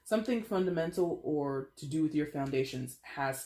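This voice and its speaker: A tarot reader talks through a reading in a loose, chatty way, playing things up for effect. The voice sits in a middle pitch, and the room leaves a clear echo on every word. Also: expressive, normal speed, darkish tone. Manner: chatty and playful, with dramatic exaggeration. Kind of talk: casual tarot reading monologue. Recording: roomy echo.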